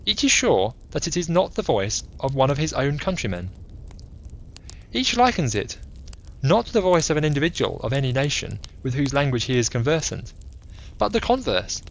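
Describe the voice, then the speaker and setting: A man voicing an eccentric, brilliant male detective who reasons aloud in a measured, lecturing way, read as a bedtime audiobook. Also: medium pitch, very animated, a little hiss or hum.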